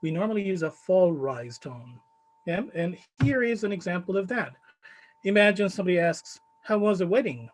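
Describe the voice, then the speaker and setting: A man with a Chilean Spanish accent presenting his study in a conference talk, measured and full of fillers. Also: high voice, poor audio. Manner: measured, many fillers, stresses key words.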